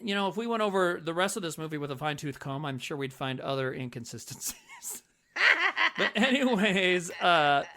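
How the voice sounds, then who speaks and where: A man's voice: a little high, animated, normal speed, sharp tone, a little hiss or hum. A man co-hosting a casual movie-review podcast, swearing freely and laughing often. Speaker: podcast co-host.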